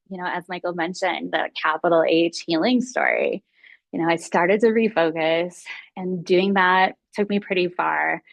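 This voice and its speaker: This woman's lowish, gravelly voice is recorded with no room sound. As a guest mindfulness teacher, she tells her own story candidly and confessionally, acting out the thoughts she used to have.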